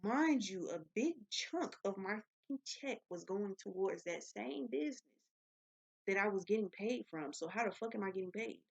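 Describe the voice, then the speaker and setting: A young woman talking straight to her audience in a blunt, profane, animated way. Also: medium pitch, normal speed, creaky, slightly rough. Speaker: vlogger. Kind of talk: casual rambling monologue. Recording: dull lo-fi sound.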